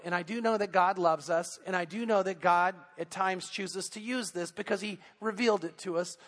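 A man's voice: sits high, a bit bright. A man preaching a Sunday sermon as pastor, telling stories with earnest, building intensity into a pulpit microphone. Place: church sanctuary. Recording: long church reverb.

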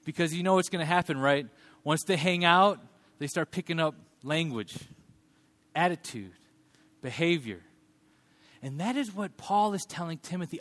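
A man in his thirties preaching a sermon, animated and humorous, acting out quoted voices of his children and others. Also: sits high, moderate pace. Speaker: pastor.

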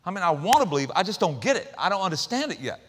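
A man preaching a sermon in a conversational, humorous way, with quick asides and repeated words. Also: sits high, very animated, fairly bright tone, long reverb tail, slight background noise. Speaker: pastor.

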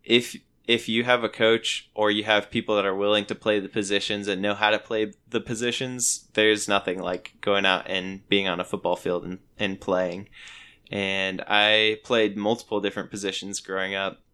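Brief: young man, low and smooth, chatty storyteller who laughs mid-story. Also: normal speed. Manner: animated, laughs while telling stories. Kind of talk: casual storytelling.

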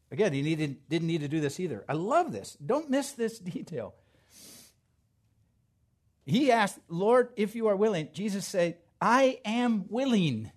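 A man preaching a sermon to his congregation in a high, lively voice. He drops to hushed asides and then builds to loud, emphatic declarations. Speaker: pastor.

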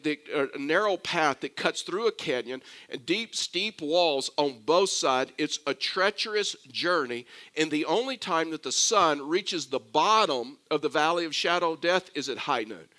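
A man preaching to his congregation in a bright, forceful voice pitched a little high. He tells a story, then presses one point home by repeating it, restarting phrases as he goes. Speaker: pastor. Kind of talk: sermon.

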